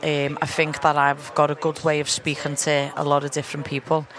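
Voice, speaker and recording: A woman's voice: low-pitched, monotone, a little fast, fairly bright tone. A woman guest talking casually in an interview, rambling and laughing often as she tells her story. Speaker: guest fighter. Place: busy launch event venue. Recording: crowd noise at a launch event.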